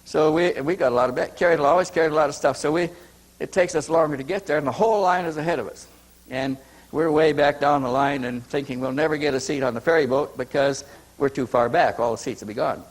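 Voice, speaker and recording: A man with a fairly high voice speaks at a conference. He tells a long personal story in a rambling, conversational way, often stumbling over and repeating words before he gets a sentence out. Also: fast, poor audio. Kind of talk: anecdotal storytelling. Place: conference hall.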